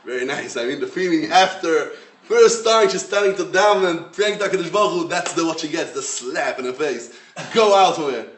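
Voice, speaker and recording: A man, a rabbi giving a Torah lecture in English, his language being Hebrew, with an emphatic, animated storytelling manner. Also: a little high, brisk. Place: lecture room. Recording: roomy echo, mic at a distance.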